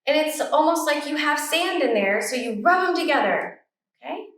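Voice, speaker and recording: A woman librarian leading a children's story time, animated and coaxing, in a library. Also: high voice, normal speed, slight background noise. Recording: echoey room, mic far off.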